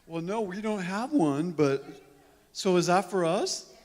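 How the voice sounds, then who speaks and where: A man's voice: sits high, animated, measured pace, darkish tone. Chatty male radio host with hall reverb. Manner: joking, laughs often, restarts sentences. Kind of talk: casual live radio banter. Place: live music venue room.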